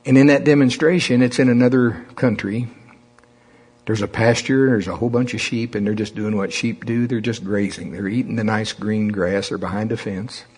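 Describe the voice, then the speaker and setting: Husky-voiced folksy male preacher. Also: on the low side, fairly even intonation, moderate pace, a little mellow. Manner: folksy, calls for congregation to repeat after him. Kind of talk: sermon.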